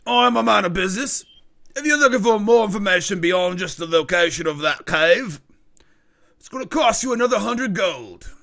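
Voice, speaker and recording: A man's voice: high voice, expressive, moderate pace, creaky, sharp tone, voice pushed up, heavily acted. A man voicing a shady male information broker who haggles hard and brags about being a man of business. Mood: haggling. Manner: rude, pushy salesman bluster.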